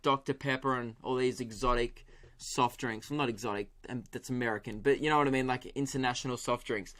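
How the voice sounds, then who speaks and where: Hosting a solo comedy podcast, a young Australian man tells stories animatedly, swearing and laughing along the way. His voice is mid-range.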